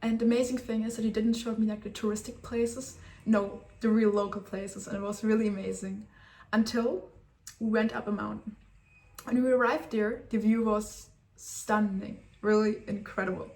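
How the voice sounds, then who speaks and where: A young woman from Germany, telling a travel story to her viewers in a lively, sassy way. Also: mid-range voice, normal speed. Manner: animated, sassy, acts out quotes. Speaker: travel vlogger. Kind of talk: casual storytelling to camera.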